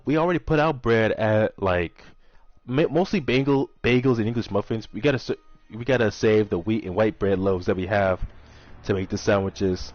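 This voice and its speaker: A man's voice: mid-range voice, no room sound. A man who works as a kitchen server, casually telling a rambling, exasperated story about work. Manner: rambling, exasperated retelling with acted-out quotes. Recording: dull lo-fi audio with faint music.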